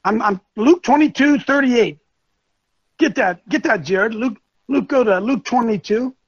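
A man's voice: very high-pitched, measured pace, breathy edge, no room sound, lo-fi sound. An older man hosting a talk show, delivering impassioned, preachy commentary and often repeating himself. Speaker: show host.

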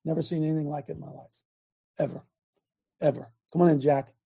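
Gravelly, husky older man hosting. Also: a little high, steady tone, fast talker, mellow. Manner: impassioned, preachy, apologetic asides. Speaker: host. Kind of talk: call-in faith talk.

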